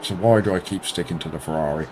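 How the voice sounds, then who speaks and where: Excitable sim racer over engine noise. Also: male voice, low voice, fast talker. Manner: excitable, self-mocking banter. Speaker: sim racing streamer. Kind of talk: live gameplay commentary, chatting with viewers. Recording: loud racing game engine noise behind.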